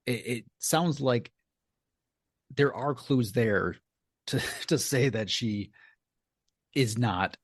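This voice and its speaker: A man's voice: medium pitch, slow pace, pauses often, breathy edge, no room sound. A man co-hosting a podcast in casual chat, hesitant with many ums and stammered starts. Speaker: podcast co-host.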